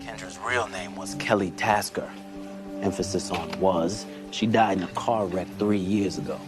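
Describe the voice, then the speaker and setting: A man's voice: low-pitched, moderate pace, over music, close to an everyday voice. A man in a film scene briefing others in a matter-of-fact way. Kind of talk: film dialogue.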